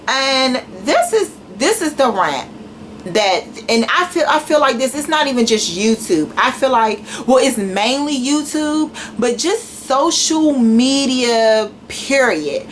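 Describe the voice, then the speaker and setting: A woman's voice: sits high, expressive, slow, slight background noise, rough recording. A young woman from Washington, D.C., with a D.C. accent, ranting bluntly and with plenty of profanity to her camera. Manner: blunt and profane, with a slangy mixed urban delivery. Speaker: YouTuber. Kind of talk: casual rant to camera.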